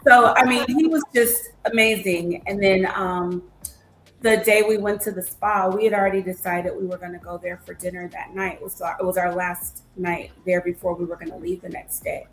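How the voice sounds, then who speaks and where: Lively woman telling stories. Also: medium pitch, moderate pace. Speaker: interview guest, traveler. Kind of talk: casual storytelling. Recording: echoey room, faint noise.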